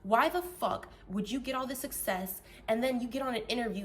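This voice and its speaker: A woman ranting bluntly and profanely to her vlog audience, heated and animated, swinging between loud and soft. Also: fairly high pitch, brisk, slight background noise. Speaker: vlogger.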